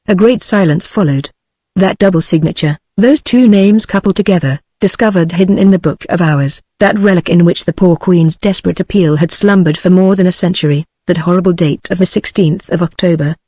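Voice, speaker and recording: A text-to-speech woman's voice with a British English accent reading a novel aloud in an even machine manner, sometimes speaking the punctuation. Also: lowish voice, normal speed, no echo. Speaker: audiobook narrator. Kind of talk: synthetic audiobook reading.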